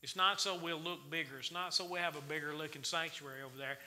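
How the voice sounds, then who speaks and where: A man's voice: a little high, steady tone, quick pace, sharp tone. A man teaching a Wednesday night Bible study in a church, folksy and quizzing the congregation with questions. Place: church sanctuary. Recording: reverberant church hall.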